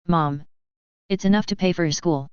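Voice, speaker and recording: A woman voicing an excited, naive young male alien office worker, low and smooth in a slightly dull recording. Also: normal speed, no echo, lightly acted. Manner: excited, bubbly.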